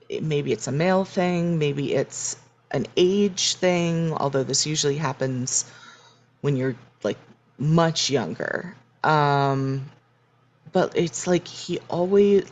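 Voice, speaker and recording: A woman co-hosting a podcast, recapping a TV episode in casual, reflective chat and acting out the characters' lines. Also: low voice. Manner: reflective, restarts mid-sentence, acts out characters' lines. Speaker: podcast co-host.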